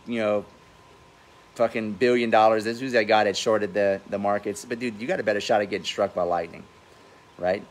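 Blunt, profane man with a low voice. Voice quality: says he has a funny accent. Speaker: real estate investor and host. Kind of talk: casual livestream talk. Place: at his home by the pool, outdoors.

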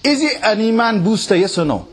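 A man giving a lively lecture to an audience in a mosque, chanting Arabic recitation and mimicking tunes with big pitch jumps. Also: fairly quick. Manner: recites Quran in Arabic in varied melodies. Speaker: Islamic preacher.

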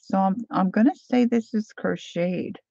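A woman hosting a casual live chat with her viewers, talking them through things as she unpacks and sometimes dropping to a soft whisper. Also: mid-range voice, measured pace, vocal fry, muffled recording, slight background noise. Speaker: livestream host.

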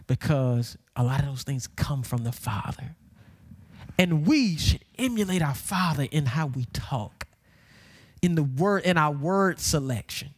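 Southern male pastor with a high voice and a country twang, preacherly sermon delivery that rises to shouts. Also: expressive, unhurried, husky. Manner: preacherly, building to shouted emphasis, says y'all.

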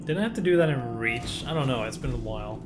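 A man's voice: mid-range voice, lively intonation, quick pace. A young man giving blind playthrough commentary on a video game, exasperated, swearing and laughing at himself. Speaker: gameplay commentator. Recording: game music under the voice.

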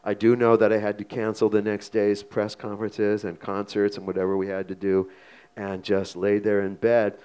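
A man's voice: on the low side, normal speed, clean tone. Older man telling a comic story. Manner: animated, comic, acts out the voices. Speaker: guest storyteller. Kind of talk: live anecdote on stage. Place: small museum theater before an audience.

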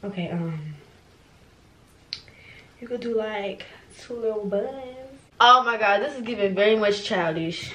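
A woman's voice: medium pitch, measured pace, bright, forceful tone. A young woman, vlogging casually and profanely to viewers while getting ready at home, self-mocking and frank. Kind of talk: get-ready-with-me vlog.

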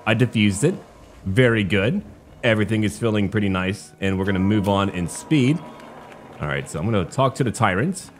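A man commenting on his strategy game play in a wry, chatty way, now and then trying out quick joking voices. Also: on the low side, animated, faint music behind. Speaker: game streamer.

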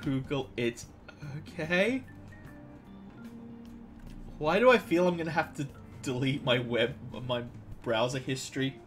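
A man's voice: mid-range voice, unhurried, long pauses, soft background music. A man in casual game commentary, chatty and jokey, often stumbling over words. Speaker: let's play streamer.

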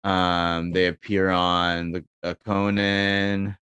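A man's voice: low voice, flat delivery, slow, sharp tone, clean tone, no room sound. A man co-hosting a casual comedy podcast, rambling through silly scenarios with lots of fillers and acting out quoted lines. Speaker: podcast co-host.

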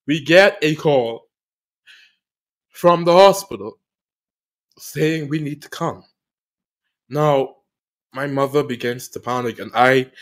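A man hosting a podcast, telling a personal story of loss in an emotional, halting way, often repeating phrases, with earnest faith. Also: a little high. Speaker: podcast host.

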